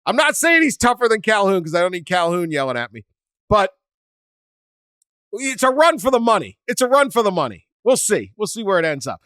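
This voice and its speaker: Man, podcast host, animated storyteller, high pitch, dry sound. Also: brisk, no echo. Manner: animated storyteller, laughs often, acts out quotes. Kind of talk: casual sports chat.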